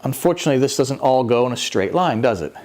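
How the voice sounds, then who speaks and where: A man giving a conversational, animated sermon as a church minister, with self-mocking humor. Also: mid-range voice, fast, a little hiss or hum.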